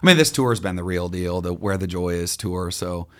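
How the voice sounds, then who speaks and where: A man guest musician chatting in a casual radio interview, excitable and devout, with lots of restarts and fillers. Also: low-pitched, fairly quick. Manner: devout, says praise phrases.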